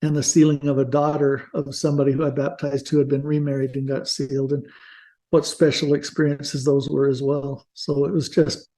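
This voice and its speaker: A man's voice: medium pitch, flat delivery, moderate pace, mellow. An older man talking as an interview guest, earnest and reflective, with small restarts. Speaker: guest author. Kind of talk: casual interview talk.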